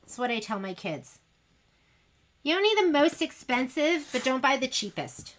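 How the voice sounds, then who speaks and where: A woman's voice: high-pitched, very animated, normal speed. A woman hosting a sewing livestream, chatting casually and rambling to her viewers as she works. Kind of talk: casual chat while sewing.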